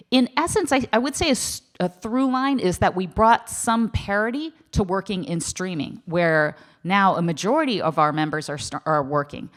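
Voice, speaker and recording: A woman with a slightly low voice speaks on a festival panel stage. Her tone is casual and wry. She tosses in quick asides and corrects herself mid-sentence. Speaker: writers union representative on a panel. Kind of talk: panel discussion.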